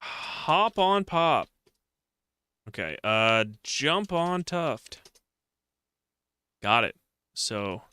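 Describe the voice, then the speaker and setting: A man's voice: medium pitch, sing-song, very slow, pauses often, sharp tone, clean tone, dry recording. A man streaming a retro adventure game, reading its text aloud and mocking himself with jokey outbursts.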